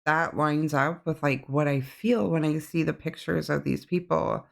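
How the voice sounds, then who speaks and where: A man's voice: a little high, little pitch movement, unhurried, gravelly. A man giving a rambling, casual reaction with lots of filler words.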